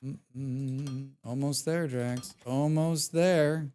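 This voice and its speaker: A man's voice: mid-range voice, unhurried, long pauses, a little mellow. A man casually commentating his own game stream from home, muttering, humming and swearing as he plays.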